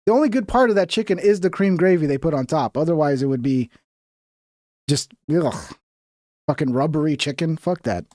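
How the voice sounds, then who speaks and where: A man's voice: fairly high pitch, fairly quick, a little mellow, no echo, studio quality. A man from the United States giving rambling, profane, mocking commentary while reacting to clips on a stream.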